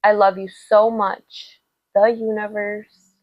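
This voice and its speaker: A woman's voice: medium pitch, level tone, takes it slowly, dry recording, lo-fi sound. A woman giving a casual, rambling tarot love reading, full of filler words and affirmations. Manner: chatty, rambling, many "like" fillers, warm affirming tone. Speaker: tarot reader.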